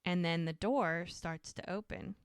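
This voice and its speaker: A woman's voice: on the low side, measured pace, smooth, no room sound. A woman co-hosting a casual podcast, recapping a TV episode and acting out the characters' lines as she retells each scene. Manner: retells scenes with quoted dialogue. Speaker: podcast co-host.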